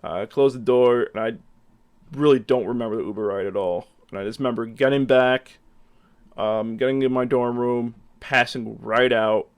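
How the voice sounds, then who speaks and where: A man's voice: medium pitch, steady tone, moderate pace, smooth. A young adult man telling a casual storytime, rambling with many fillers and animatedly acting out his own lines. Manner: rambling, heavy use of fillers. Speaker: storyteller vlogger.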